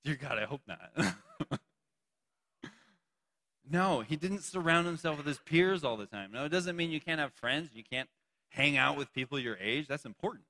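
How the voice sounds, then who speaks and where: Bright-voiced playful male pastor. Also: fairly high pitch, expressive, normal speed, pauses often, big-room sound. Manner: playful, joking with a young audience. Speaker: youth pastor. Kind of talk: sermon.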